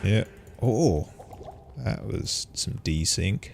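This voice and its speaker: A man playing along in a game stream, chatting in a relaxed, meandering way. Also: lowish voice, extremely slow, creaky. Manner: relaxed, meandering, trails off mid-sentence. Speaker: fellow player. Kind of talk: casual gameplay chat. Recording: noisy background hiss.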